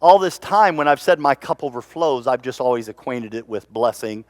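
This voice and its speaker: A man preaching a sermon in a church, telling stories with lively energy and repeating words as he goes. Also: mid-range voice, fairly quick, no echo, clean studio sound. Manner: animated storytelling, repeats words. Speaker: pastor.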